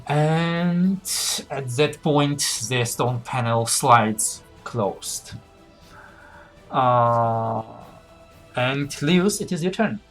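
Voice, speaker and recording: A man's voice: medium pitch, lively intonation, drawn-out words, soft background music. A man narrating as game master in a casual tabletop game session, talking loosely with fillers as he thinks aloud.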